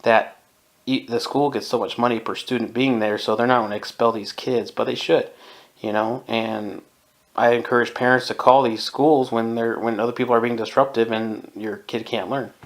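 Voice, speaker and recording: A man's voice: medium pitch, fairly even intonation, moderate pace. A man in his twenties from Southern California, giving his opinions in a casual podcast monologue and chuckling often. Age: 20s. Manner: opinionated, chuckles often, mimics people in quotes. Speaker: podcast host.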